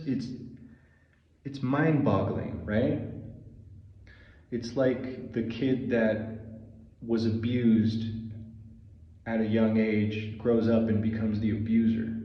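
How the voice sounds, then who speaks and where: A man delivers a heated solo rant at a slow, dragging pace, full of curses and false starts. He sits well back from the mic in a roomy, echoing space with a long reverb tail. The sound is dull and lo-fi. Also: medium pitch. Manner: heated, profane, halting with repeated restarts. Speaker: vlogger. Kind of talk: solo opinion rant to camera. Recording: echoey room, far from mic, dull lo-fi.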